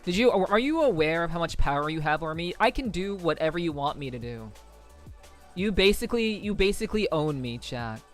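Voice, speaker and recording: A man with a somewhat high voice rambles playfully to his live-stream chat, full of fillers and repeats. He keeps it loose and casual, like a streamer warming up before a game. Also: expressive, brisk, soft background music. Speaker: VTuber streamer.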